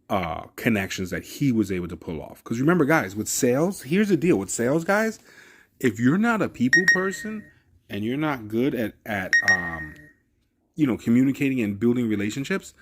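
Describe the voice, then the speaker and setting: A man who deals cars, talking casually and emphatically to his viewers, often addressing them directly. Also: medium pitch. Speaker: car dealer vlogger. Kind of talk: casual talk to camera.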